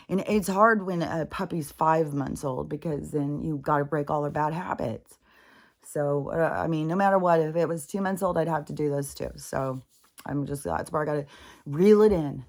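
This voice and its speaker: A woman's voice: sits low, normal speed, slight background noise. A middle-aged woman at home, talking frankly and rambling in a casual, profane chat for her spiritual vlog. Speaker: spiritual vlogger.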